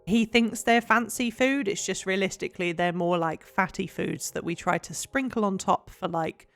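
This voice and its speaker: A woman's voice: mid-range voice, moderate pace, soft background music. A young English woman streaming, chatting casually and rambling with lots of giggles while she cleans. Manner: bubbly and giggly, rambling with fillers.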